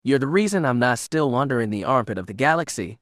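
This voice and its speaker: A man voicing a drunk, gruff smuggler with a slurred drawl. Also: medium pitch, lively intonation, quick pace, a bit bright, no room sound, clean studio sound, close to an everyday voice. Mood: vehement. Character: drunk, gruff middle-aged male smuggler. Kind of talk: audiobook character reading.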